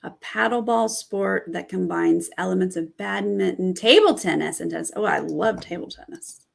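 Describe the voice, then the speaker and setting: A woman's voice: fairly low pitch, moderate pace, vocal fry. A woman hosting a casual reaction vlog, reading out cast bios and giving candid, chatty comments on each. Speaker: reality TV commentator.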